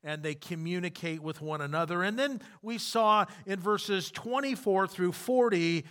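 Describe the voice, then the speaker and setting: A man's voice: sits high, measured pace, hardly any pauses, a bit bright. A man preaching a sermon as pastor, emphatic and repeating his key points.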